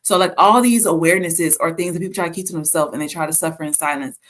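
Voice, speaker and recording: A woman from the American South hosting a casual faith talk, telling stories in an animated way with frequent restarts. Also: on the low side, fast. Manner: animated storytelling with laughs and restarts. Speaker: host.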